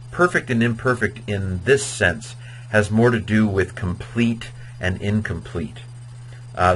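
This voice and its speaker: A man with a low, husky voice gives a casual grammar lesson. He talks in a chatty, wandering way with lots of fillers and now and then chants word endings in a sing-song beat. His tone is bright and forceful. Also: poor audio. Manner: chatty and digressive, with many fillers. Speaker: Latin teacher. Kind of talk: informal video lecture on grammar.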